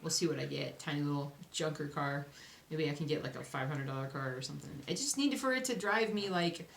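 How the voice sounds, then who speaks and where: A young cross stitch vlogger chats casually to camera at home about her week, rambling and reassuring herself. Her voice is low, gravelly and fairly quick, and she sounds sleepy, yawning, in an echoey room with faint noise.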